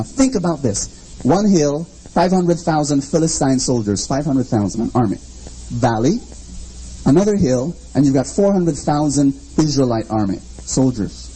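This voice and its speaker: Male preacher, sermon, emphatic rhetorical questions, high lively voice, husky. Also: poor audio. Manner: emphatic and repetitive, rhetorical questions, dramatic swings.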